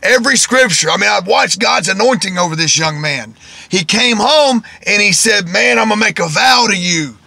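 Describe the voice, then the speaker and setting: A man's voice: sits high, animated, moderate pace, gravelly, bright, forceful tone, dry recording. A man preaching informally, repeating his points, quoting scripture and checking in with "okay?".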